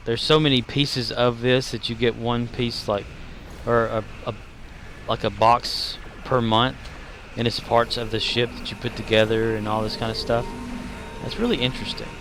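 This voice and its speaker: A man's voice: mid-range voice, fairly bright tone, a little hiss or hum. A man, chatting casually and rambling with many fillers while streaming a game. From Southern United States. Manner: rambling and jokey, heavy on fillers. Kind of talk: casual gaming commentary.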